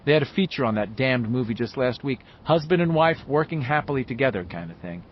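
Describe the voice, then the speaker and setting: A man voicing a wisecracking middle-aged radio DJ who talks fast and jokes, in a dull lo-fi audiobook recording. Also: mid-range voice, a little hiss or hum, lightly acted. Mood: joking. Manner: quick, jokey, animated.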